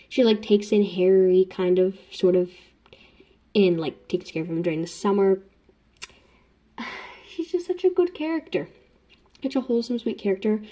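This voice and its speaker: A woman's voice: mid-range voice, darkish tone. A young woman vlogger chatting casually about books. She rambles with self-deprecating jokes. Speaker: book vlogger. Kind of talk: casual chat.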